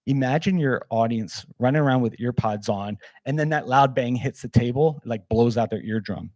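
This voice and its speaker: A man leads a workshop in a loose, energetic way, holding up gear as he talks and leaning on fillers. His voice is warm and mellow and sounds close and dry. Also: medium pitch, moderate pace, no echo. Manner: casual, energetic, demonstrates gear, many fillers. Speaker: workshop presenter. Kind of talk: live workshop talk.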